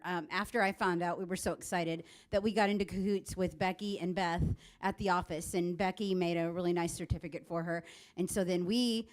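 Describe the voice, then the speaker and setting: A middle-aged woman, a theater teacher, presenting an award at a school board meeting and telling the story behind it in a rambling, chatty way. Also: fairly low pitch. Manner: warm, rambling storytelling with fillers.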